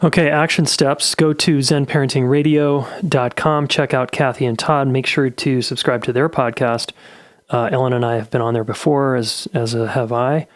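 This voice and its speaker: A man's voice: medium pitch, steady tone, normal speed, no echo. A man hosting a podcast, easygoing and affirming, with many "uh" fillers. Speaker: podcast host. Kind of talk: podcast interview and outro.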